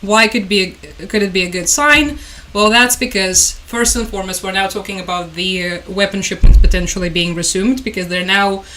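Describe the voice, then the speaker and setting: A woman's voice: medium pitch, a little fast, few pauses, sharp tone, a little hiss or hum. Woman, chatty sarcastic vlogger commenting on the news. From Ukraine. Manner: chatty, sarcastic, laughs often.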